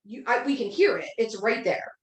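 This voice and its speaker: Brief: woman, 30s, higher voice, rambling podcast storyteller, roomy echo. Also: animated, moderate pace. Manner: rambling, full of "like" fillers. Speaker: podcast co-host. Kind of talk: casual storytelling. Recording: echoey room.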